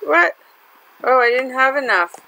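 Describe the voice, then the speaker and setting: A woman's voice: high voice, expressive, a little slow, creaky, very noisy. A woman hosting a gaming channel, chatting and teasing through her commentary as she plays. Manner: chatty and teasing, laughs often. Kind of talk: let's-play commentary.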